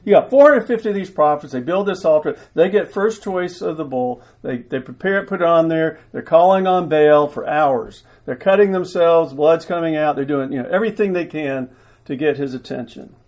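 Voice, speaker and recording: A jovial male preacher reads a passage and breaks off for playful asides to the people acting it out. His voice sits a little high yet sounds warm and mellow. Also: normal speed, poor audio. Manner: jovial, directing volunteers with asides. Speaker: preacher directing a scripture skit. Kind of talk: sermon reading scripture aloud.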